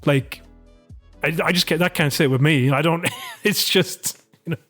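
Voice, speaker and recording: A man co-hosting a podcast, telling stories in a rambling, sweary, animated way. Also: on the high side, normal speed, faint music behind. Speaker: podcast co-host. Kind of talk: casual political chat.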